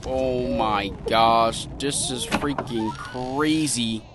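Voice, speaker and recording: A man's voice: mid-range voice, fairly even intonation, very slow, noisy background. A young man commenting as he plays a horror game, thinking aloud, talking to his viewers and yelping when startled. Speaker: gaming channel host. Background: game music.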